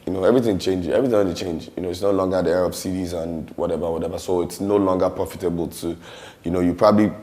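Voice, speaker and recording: A man's voice: deep voice, rapid-fire. A Nigerian man with a Nigerian accent, talking casually in an interview, with many fillers and some Yoruba phrases. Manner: relaxed, many "you know" fillers, mixes in Yoruba. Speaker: musician and actor interviewee.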